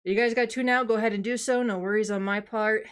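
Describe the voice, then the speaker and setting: A woman's voice: fairly high pitch, steady tone, fast. Out-of-breath woman streamer, rambling. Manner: rambling, self-deprecating, sighs often. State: tired and out of breath. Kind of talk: casual live-stream chat.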